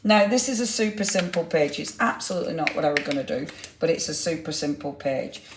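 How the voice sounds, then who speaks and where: A woman with a low voice talks viewers through a craft demonstration. She chats casually and answers their comments as she works. The room is echoey, with a faint hiss behind her. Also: expressive, fairly quick. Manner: chatty, chatting to viewers' comments while working. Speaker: craft demonstrator hosting a live stream.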